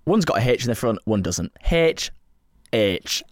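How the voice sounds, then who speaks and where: A man co-hosts a podcast in easy casual chat. His voice swings widely in pitch as he teases and laughs. The sound is close and dry. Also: very animated, fast talker, husky, dry recording. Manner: playful, laughing, teasing. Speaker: podcast co-host.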